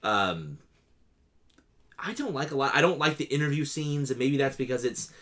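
Lively, bright-voiced man reviewing films. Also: medium pitch, moderate pace. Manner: laughing, swearing, lively banter. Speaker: podcast co-host. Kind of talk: casual movie review chat.

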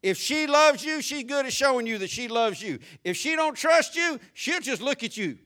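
A male pastor preaching a sermon, animated, moving from soft asides to shouts. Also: very high-pitched, moderate pace.

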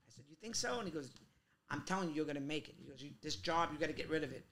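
A man tells stories in a loose interview, fast and animated. His voice is gravelly and bright, a little high for a man, and he slips into other people's voices as he goes. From Queens, New York. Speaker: guest actor. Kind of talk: casual storytelling interview.

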